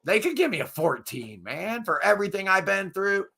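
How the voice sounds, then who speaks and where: A middle-aged man, hoarse and losing his voice, hosting a music review channel and chatting casually with viewers in a rambling, enthusiastic way. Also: sits high, big pitch swings, moderate pace, bright, forceful tone. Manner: rambling, enthusiastic, self-deprecating. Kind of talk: casual live chat with viewers.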